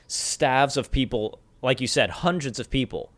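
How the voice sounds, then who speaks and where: A man in casual conversation about films, excitable and loose, throwing in swear words. His voice sits at an ordinary middle pitch. He rambles and restarts as he talks. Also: a little slow. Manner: excitable, swears, says dude a lot. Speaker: podcast co-host. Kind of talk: casual chat.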